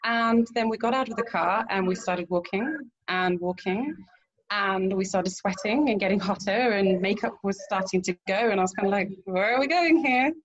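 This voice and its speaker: Give me a storytelling woman guest, animated and laughing, medium pitch. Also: moderate pace, muffled recording, slight background noise. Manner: animated anecdote with acted-out quotes, laughs often. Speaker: guest, romance event planner. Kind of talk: storytelling in an interview.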